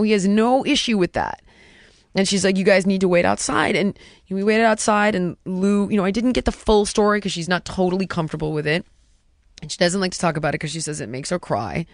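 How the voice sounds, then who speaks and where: A woman in her thirties telling a personal story in casual conversation, animated and emphatic, stringing rhetorical questions and dropping to a hush for quoted words. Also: medium pitch, no room sound, clean studio sound.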